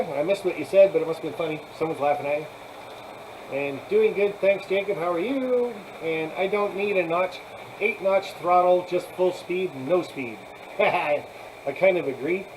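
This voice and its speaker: A man's voice: fairly high pitch, background noise. A man hosting a casual live chat, rambling, laughing often and thanking viewers as he talks. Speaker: live stream host.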